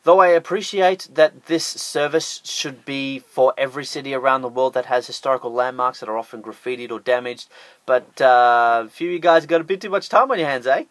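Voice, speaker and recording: A man's voice: mid-range voice, brisk, no echo. An Australian man narrating a scripted top-ten list with sarcastic, jokey asides.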